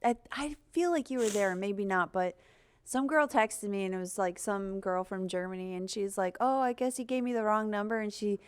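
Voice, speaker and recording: A woman's voice: mid-range voice, normal speed, clean tone. A woman hosting a casual podcast chat, telling blunt stories and acting out quoted lines. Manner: animated storyteller, blunt, acts out quotes. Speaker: podcast host, comedian.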